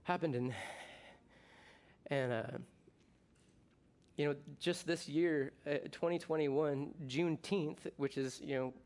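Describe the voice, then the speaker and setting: A middle-aged pastor from the United States delivering a sermon with a casual, joking warmth that breaks into excited bursts. His voice sits a little higher than most men's. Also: slow pace, long pauses. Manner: conversational and jokey, with bursts of excitement.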